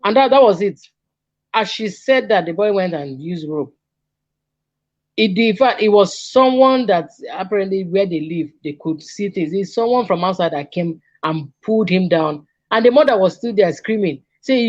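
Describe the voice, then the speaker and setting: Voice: medium pitch, lively intonation, normal speed, a little mellow, dry recording. Guest counselor; earnest, repetitive warnings; lo-fi dry sound. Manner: earnest, repeats and restarts phrases, stresses warnings. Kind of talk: earnest advice in conversation. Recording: dull lo-fi dry recording.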